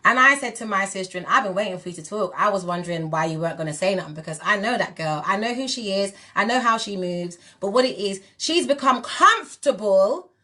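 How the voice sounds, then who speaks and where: Quick and with hardly any pauses, this medium-pitched voice sounds pushed and bright, its intonation lively. She's a singer in her forties from England, delivering a defiant, impassioned live video rant with emphatic repetition, her British accent sliding into Jamaican patois.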